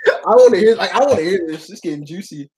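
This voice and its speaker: A young man hosting a casual podcast, telling a story in an excitable, rambling way with frequent laughs. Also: high voice, fast, slightly rough, poor audio. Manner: excitable, laughs often, rambling with many restarts. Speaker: podcast host.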